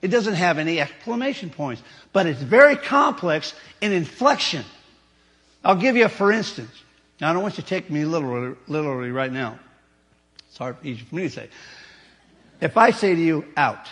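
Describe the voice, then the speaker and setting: A male pastor delivering a sermon, explaining scripture with animated, teaching emphasis and spoken demonstrations. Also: a little high, a little fast, long reverb tail. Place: church sanctuary.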